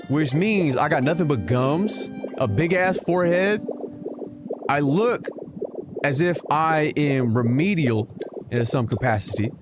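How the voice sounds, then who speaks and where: A young man streaming a game, giving casual commentary that is joking, animated and full of swearing. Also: on the high side. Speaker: gaming streamer. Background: game music.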